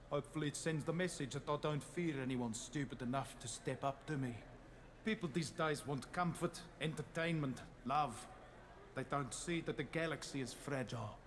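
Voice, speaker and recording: An actor playing an arrogant crime lord in a video game, speaking in a silky, self-satisfied and quietly menacing way. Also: male voice, mid-range voice, slight background noise, close to an everyday voice. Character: smooth arrogant male crime lord host. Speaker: game character.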